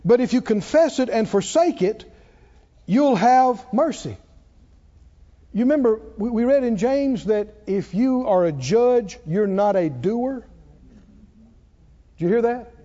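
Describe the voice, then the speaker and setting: High, lively preacher in a reverberant hall. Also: male voice, measured pace, long pauses. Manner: dramatic swings between loud and hushed. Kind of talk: sermon. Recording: muffled sound with long hall reverb.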